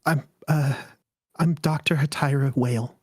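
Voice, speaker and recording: A man playing a frightened woman doctor, halting. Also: mid-range voice, fairly even intonation, darkish tone, husky, no room sound, studio quality. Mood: shaken. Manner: timid, halting, fearful. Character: terrified adult woman doctor survivor.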